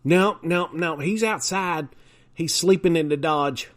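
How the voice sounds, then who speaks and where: A man's voice: fairly high pitch, measured pace, voice pushed up, lightly acted. A man voicing a rambling rural man in a folksy drawl with loose grammar, repeating himself.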